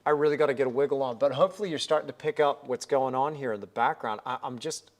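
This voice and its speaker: A painting livestream host talks fast in a mid-range voice, chatting brightly and thinking aloud as he works on the canvas during his live demonstration.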